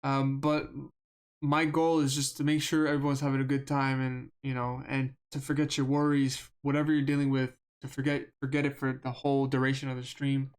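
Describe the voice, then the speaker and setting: A young man live streaming a game, chatting casually in an earnest, halting way with lots of restarts and fillers at a desk microphone. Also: medium pitch, level tone, clear, resonant tone.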